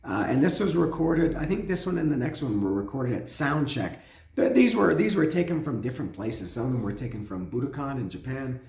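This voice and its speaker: A man hosting a casual spoken album review, his voice hoarse and cracking, rambling with restarts and humming along. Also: mid-range voice, animated, a little fast, a little mellow. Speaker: host. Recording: echoey room.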